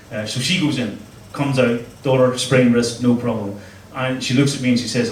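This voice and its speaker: A man's voice: medium pitch, moderate pace. A middle-aged man doing a crude, self-mocking stand-up set on a club stage with a handheld mic. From Northern Ireland. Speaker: stand-up comedian. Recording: echoey club room, mic heard from a distance.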